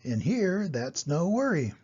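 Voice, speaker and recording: An older man reading aloud and voicing a calm, worldly male duck who speaks in a matter-of-fact way. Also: fairly high pitch, unhurried, husky, muffled recording, full character voice.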